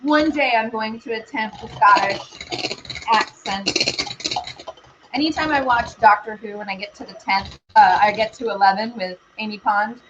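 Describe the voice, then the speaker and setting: A woman with a slightly high voice talks at a moderate pace, recorded lo-fi over a noisy background. She's hosting a casual baking livestream from her home kitchen, chatting and rambling to viewers and her pets as she mixes.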